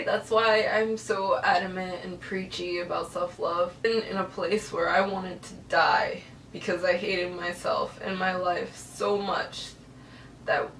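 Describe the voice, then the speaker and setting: A woman's voice: on the low side, a bit bright, distant mic, slight background noise. A young woman telling a personal story to camera, earnest and emotional. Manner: earnest, emotional, tearful at times. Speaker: vlogger. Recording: echoey room, voice a bit off-mic.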